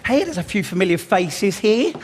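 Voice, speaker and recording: A man doing a magic act on a theatre stage, bantering cheekily and loudly with the audience. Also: sits high, big pitch swings, normal speed. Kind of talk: comic stage patter with audience. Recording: live theatre with loud crowd and noise.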